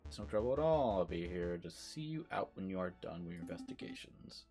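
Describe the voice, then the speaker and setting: A man's voice: deep voice, lively intonation, brisk, mellow, soft background music. A man voicing a wealthy, smug lion baron who talks in a pompous, genteel way. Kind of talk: reading game dialogue aloud on stream.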